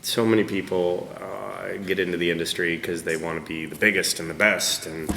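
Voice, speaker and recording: A man being interviewed as a voice actor at a press roundtable, talking in an animated, self-deprecating way with frequent laughter. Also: deep voice, brisk, vocal fry, a little hiss or hum. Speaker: voice actor guest. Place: convention press room.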